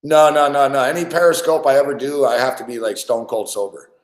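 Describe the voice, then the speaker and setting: A man's voice: medium pitch, steady tone, a little fast. A man hosting a podcast, telling a rambling story in casual chat with lots of swearing. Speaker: podcast host. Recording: roomy echo.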